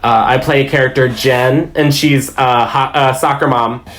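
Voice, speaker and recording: A man's voice: medium pitch, fairly even intonation, moderate pace, fairly bright tone. A man and dungeon master chatting as a podcast guest, telling stories in a rambling, self-amused way. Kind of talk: casual chat.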